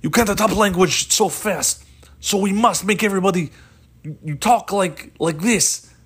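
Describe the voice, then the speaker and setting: Dude putting on a goofy fake russian accent, stiff and extra polite, voice pushed up high, halting. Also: male voice, a bit bright, husky. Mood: mock formal. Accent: mock Russian. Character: man speaking English with a mock Russian accent.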